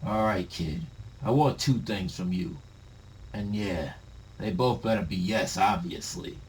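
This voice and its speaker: A man voicing a calm, menacing pirate captain in a manga read-aloud, speaking low, slow and threatening. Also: far from the mic, rough recording.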